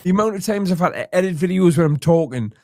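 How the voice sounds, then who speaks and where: A man with a slightly raised pitch talks through a comedy reaction video in wry, chatty asides. His voice sounds dry and close, with no room around it. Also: expressive, fast, a little mellow, no echo. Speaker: commentary host.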